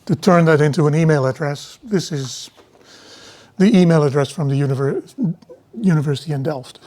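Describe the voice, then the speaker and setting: A middle-aged man giving a university lecture in a relaxed, digressive way, often restarting his sentences. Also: on the high side, normal speed, slight background noise.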